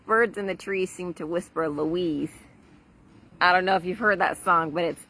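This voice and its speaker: A woman's voice: lowish voice, normal speed, fairly bright tone, faint music behind. A middle-aged woman chatting casually on a garden livestream, rambling and laughing often, recorded outdoors on a phone.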